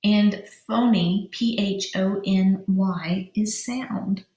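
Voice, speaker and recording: In a reverberant space, a female teacher with a steady, warm, mid-range voice teaches young kids new words. Her delivery is slow, stretching each syllable and calling out letters one by one.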